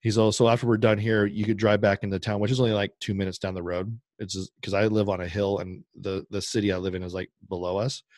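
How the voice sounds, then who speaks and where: A man's voice: on the low side, fast, hardly any pauses, no room sound, clean studio sound. A man on a podcast telling a long, rambling story in casual chat, acting out the other people's lines as he goes. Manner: rambling, animated anecdote with quoted dialogue. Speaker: podcast co-host.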